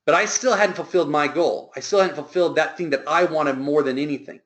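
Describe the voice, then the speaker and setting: A man's voice: on the high side, brisk, fairly bright tone. A man working as a sales trainer, telling an earnest, emphatic motivational story.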